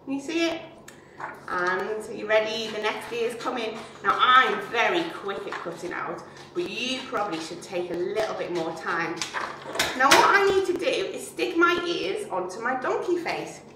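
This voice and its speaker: A woman's voice: medium pitch, expressive, moderate pace, background noise. A woman showing young children how to make a paper donkey craft, chatty and playful, asking them questions as she works. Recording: very echoey and distant.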